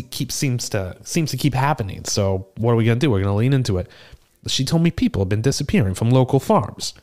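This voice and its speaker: A man's voice: on the low side, a little mellow, lightly acted. A man playing a seasoned male tortle cleric who tells a tavern tale in a chatty, rambling way, full of fillers and restarts. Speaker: player character in an improvised tavern scene. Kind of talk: improvised in-character storytelling.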